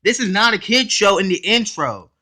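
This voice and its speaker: High, lively-voiced excitable man reacting. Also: normal speed. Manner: excitable, blunt and profane, keeps interrupting with "hold up"; slangy, talks straight to viewers. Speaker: reaction video host. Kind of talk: casual reaction commentary.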